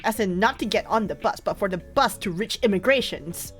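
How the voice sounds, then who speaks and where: A woman streamer telling a story in casual chat, animated and laughing often. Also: medium pitch, fairly quick, soft background music.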